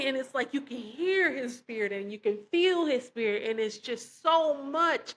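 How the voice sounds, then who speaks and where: A woman's voice: a little high, normal speed, fairly bright tone. A woman telling her personal faith testimony in a casual, emotional, earnest way, talking straight to her listeners. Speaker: christian testimony vlogger.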